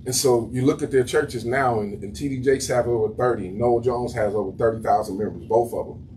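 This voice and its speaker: A man's voice: mid-range voice, fairly even intonation, fairly quick, darkish tone, slight background noise. Preaching man heard from a distance. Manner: conversational preaching, repeats words as he builds. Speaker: pastor. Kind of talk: sermon. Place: small church room.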